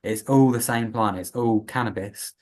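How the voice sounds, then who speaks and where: A man from the UK talking casually as a guest on a podcast interview, animated and acting out the voices he quotes. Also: medium pitch, normal speed. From United Kingdom. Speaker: patient advocate guest.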